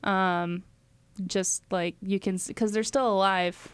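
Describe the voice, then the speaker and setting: Young woman chatting on a podcast, smooth clear voice, dry close sound, laughs a lot. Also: mid-range voice, fairly even intonation, slow pace, no room sound. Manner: chatty storytelling, laughs often, many fillers. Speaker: podcast co-host. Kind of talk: casual chat.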